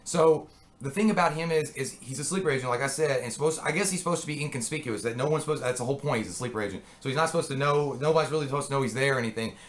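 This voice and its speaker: Fast-talking casual male movie reviewer. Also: medium pitch. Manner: rambling and profane, with frequent restarts.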